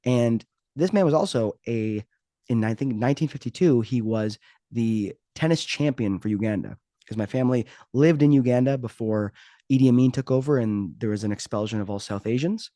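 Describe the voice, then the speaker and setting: A man's voice: mid-range voice, moderate pace, warm tone, dry recording, studio quality. A man hosting a podcast, talking casually in a joking, rambling, self-mocking way. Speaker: podcast host. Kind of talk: casual podcast intro monologue.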